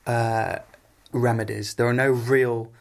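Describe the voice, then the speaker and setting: A man's voice: mid-range voice, flat delivery, takes it slowly, creaky. A man, a singer, giving instructive answers about vocal technique in a casual interview. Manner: explanatory, instructive, hesitant fillers. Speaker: singer and vocal coach guest.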